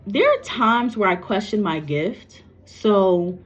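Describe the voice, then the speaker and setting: A woman's voice: mid-range voice, lively intonation, slow pace. A woman, a psychic medium, talking casually to camera in a blunt, repetitive way and cursing freely. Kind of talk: casual spoken reading to camera. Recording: dull lo-fi recording.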